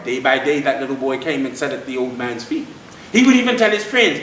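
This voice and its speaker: Man, live storyteller at a historic site event, folksy crowd talk, high pitch, faint room noise. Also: lively intonation, quick pace. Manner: folksy, addresses crowd as y'all. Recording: echoey room from far off.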